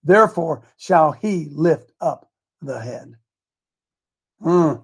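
A man hosting a political talk show, raspy and gravelly, preaching with fiery conviction and folksy slang. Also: fairly high pitch, animated, takes it slowly. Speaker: host.

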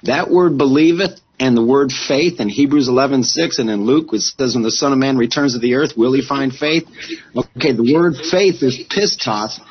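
A man's voice: medium pitch, moderate pace, lo-fi sound, a little hiss or hum. A man co-hosting a Bible discussion, insistently building up his point about scripture. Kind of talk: explaining scripture.

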